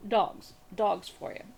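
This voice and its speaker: A woman's voice: very slow, a little mellow, slight background noise. A Southern American woman chatting casually as a crafting vlogger, rambling through a story and repeating phrases.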